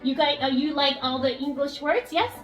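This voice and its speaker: A woman English teacher leading a phonics lesson with young children, speaking slowly and encouragingly and repeating words clearly. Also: high voice, fairly even intonation, echoey room, distant mic, faint music behind. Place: classroom.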